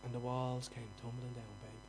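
A man with a Dublin accent preaching a sermon, moving from quiet, conversational asides to loud, mocking outbursts. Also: medium pitch, completely flat delivery, moderate pace, a little hiss or hum, low-quality recording. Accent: Dublin Irish. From Dublin, Ireland.

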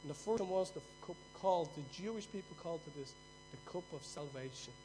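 A man's voice: high voice, animated, quick pace, over music, rough recording. A man preaching a sermon as pastor, building emphasis by repeating his key phrases. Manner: emphatic, repetitive preaching cadence.

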